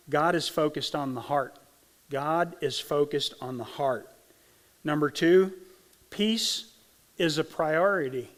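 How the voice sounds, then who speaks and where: A middle-aged man from Arkansas delivers a sermon in a relaxed, folksy way, often checking in with the congregation. His voice sits a little high for a man. The sound carries a long reverb from the church hall. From Arkansas, USA. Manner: conversational, folksy, asks the congregation "right?". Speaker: pastor. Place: church sanctuary.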